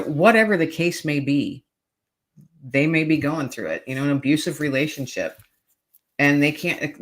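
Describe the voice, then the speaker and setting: Middle-aged woman guest, earnest and emphatic, relating a personal story in an interview. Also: low-pitched. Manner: earnest, emphatic, repeats key phrases. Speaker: podcast guest, author. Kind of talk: heartfelt storytelling in conversation.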